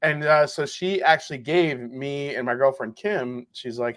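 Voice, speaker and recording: A man's voice: medium pitch, steady tone, measured pace, few pauses, a bit bright. A man who is a guest on a live whiskey tasting, chatting in a rambling, joking way and swearing casually. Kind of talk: casual chat, live stream.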